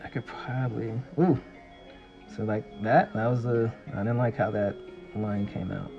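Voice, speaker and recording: Male streamer, excitable rambling chatter, gravelly tone, faint music underneath. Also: lowish voice, measured pace, muffled recording. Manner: rambling and excitable, full of fillers. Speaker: artist streaming a drawing session. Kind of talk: casual livestream chat while drawing.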